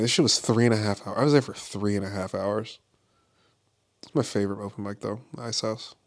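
A man who does stand-up, ranting casually and profanely, rambling with lots of "like" and frequent laughs. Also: fairly low pitch. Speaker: stand-up comedian. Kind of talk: casual podcast-style rant. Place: Los Angeles area.

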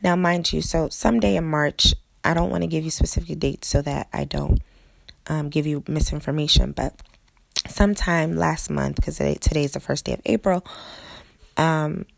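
A woman's voice: sits low, fairly even intonation, moderate pace, vocal fry, no room sound. A woman pastor telling a personal testimony in an earnest way, often speaking straight to her listeners as "guys".

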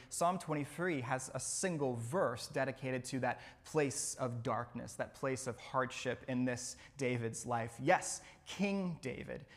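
A man preaching a sermon in a church, earnest, often repeating phrases for emphasis. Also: medium pitch. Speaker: pastor. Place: church sanctuary.

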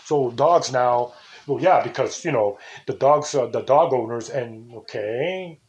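A man's voice: medium pitch, measured pace, a little mellow. An older man hosting a casual talk show, rambling and indignant, sometimes imitating how people say things. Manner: rambling, indignant, mimics intonations. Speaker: podcast host.

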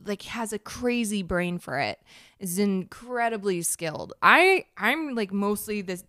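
A woman with a smooth, clear voice tells stories in a lively, chatty way, full of quick asides. Her voice is mid-pitched and recorded close and dry. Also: dry recording. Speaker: actress and guest. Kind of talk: casual chat.

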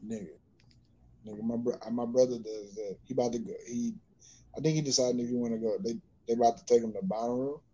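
A man's voice: medium pitch, fairly even intonation, fast talker, warm tone, highs cut off. A man co-hosting a podcast, chatting casually with slang and frequent restarts as he works out his point. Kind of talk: casual chat.

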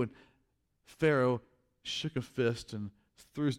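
Animated storytelling preacher man. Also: medium pitch, moderate pace. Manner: animated, acts out scenes, drops quiet for emphasis. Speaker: pastor. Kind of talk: sermon with storytelling.

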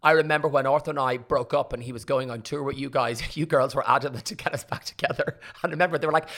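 Irish woman telling lively stories. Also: rumbling low, quick pace, hardly any pauses. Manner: animated storyteller, acts out quoted exchanges. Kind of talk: casual chat.

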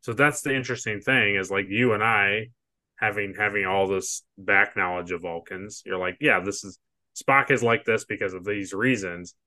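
A man's voice: on the low side, steady tone, moderate pace, pushed and bright. A man co-hosting a podcast, chatting casually and recapping a TV episode, laughing often and acting out characters' lines. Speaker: podcast co-host.

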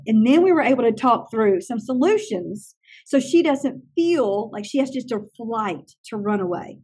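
A woman who trains teachers, telling animated stories in an interview and acting out other people's lines. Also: a little high, moderate pace, husky. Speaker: teacher trainer and classroom consultant. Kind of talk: conversational interview storytelling.

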